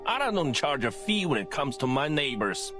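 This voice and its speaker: Game role: a prickly private eye, drawling and scornful, low-ish voice, light music under him. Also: male voice, sing-song, moderate pace, pushed and bright. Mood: sneering. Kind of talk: video game voice acting.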